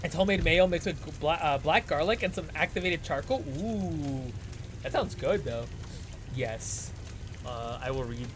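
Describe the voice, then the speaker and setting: A man's voice: on the high side, animated, moderate pace, background noise. A man casually commenting on his gameplay, playful and laughing often as he reads the story aloud. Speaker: streamer. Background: faint background music.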